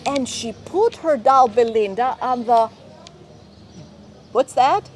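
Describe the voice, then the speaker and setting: Lady teacher telling kids a story, slow and careful, a bit high voice, faint noise behind. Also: a little mellow. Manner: slow, clear, often checking with children. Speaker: teacher, director of studies. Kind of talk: storytelling to young learners.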